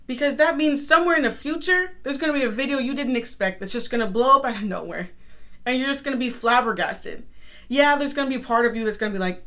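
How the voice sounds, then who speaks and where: A young woman and artist talking to camera in a casual, upbeat motivational vlog, chatty and quick to laugh. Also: fairly high pitch, a bit bright. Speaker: artist and content creator.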